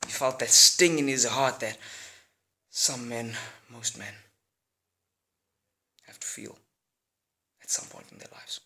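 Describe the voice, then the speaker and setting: A man telling a casual yet dramatic story in a slangy, expressive way. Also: medium pitch, takes it slowly, pauses often.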